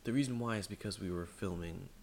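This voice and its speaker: A man's voice: low-pitched, fast, vocal fry, a little mellow, a little hiss or hum. A man co-hosting a podcast in casual chat, telling rambling stories with lots of fillers. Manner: rambling storyteller, many fillers. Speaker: podcast co-host.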